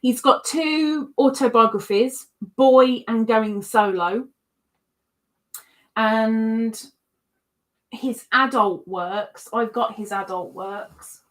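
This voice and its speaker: Slow-talking woman livestream host. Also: a little high. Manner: chatty, rambling, frequent "um"s. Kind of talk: casual chat reading viewer comments.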